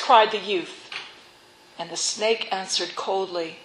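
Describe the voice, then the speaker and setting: A woman preacher telling stories in a sermon, earnest and soft-spoken, often dropping to a hush. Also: medium pitch, fairly even intonation, takes it slowly, a little hiss or hum. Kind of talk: sermon storytelling. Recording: echoey room.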